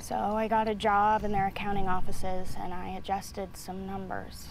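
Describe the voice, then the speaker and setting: A woman's voice: mid-range voice, completely flat delivery, normal speed, natural voice. A woman playing a weary young woman who admits to stealing money, in short-film dialogue with faint background noise. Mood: defensive.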